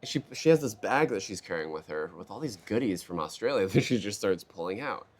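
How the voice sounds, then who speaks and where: A keynote speaker in a conversational interview at a live event booth tells stories with animation, his lowish voice moving a little fast. He acts out quotes by raising his voice.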